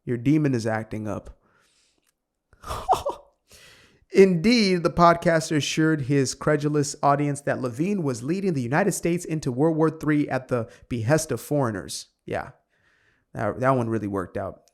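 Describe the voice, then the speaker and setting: A man's voice: on the high side, animated. A man reading an article aloud and commenting on it with sarcastic asides. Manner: sarcastic asides, quick offhand remarks. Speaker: online commentator.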